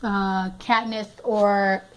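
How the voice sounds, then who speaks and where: A woman's voice: medium pitch, flat delivery, drawn-out words, poor audio. A woman giving a casual, rambling tour of her toy collection, often scattered and poking fun at herself. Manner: rambling, self-mocking, scattered, chatty. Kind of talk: casual chat.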